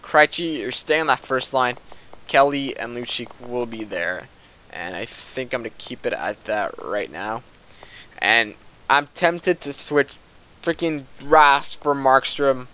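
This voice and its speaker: A man's voice: medium pitch, takes it slowly, sharp tone, clear, resonant tone. A young man giving casual commentary over a hockey video game, frustrated and ranting with swearing. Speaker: gaming commentator.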